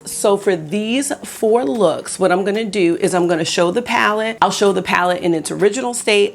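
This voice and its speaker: A woman's voice: lowish voice, creaky. A woman hosting a beauty vlog in a casual, chatty way, talking straight to her viewers in her early morning voice. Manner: chatty, addresses viewers directly. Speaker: beauty vlogger host.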